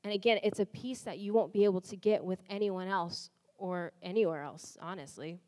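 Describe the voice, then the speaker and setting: A woman's voice: mid-range voice, steady tone, a little fast, darkish tone. A young woman sharing a personal faith testimony in a candid, conversational way, full of "like" and restarts. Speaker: church volunteer giving a testimony. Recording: long hall reverb.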